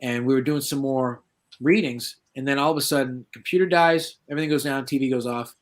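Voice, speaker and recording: A man's voice: medium pitch, brisk. A middle-aged man from the northeastern United States, a guest paranormal researcher telling stories casually and acting out the voices of the people he quotes. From southeastern Massachusetts, USA. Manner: lively, acts out quoted voices. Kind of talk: casual anecdotal storytelling.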